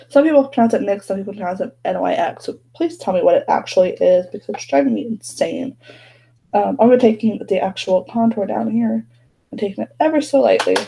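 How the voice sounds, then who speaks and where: A woman's voice: mid-range voice, gravelly, mellow, husky, poor audio. A young woman chatting casually while doing her makeup at home, rambling with lots of fillers. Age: young adult. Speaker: beauty vlogger. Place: bedroom at home.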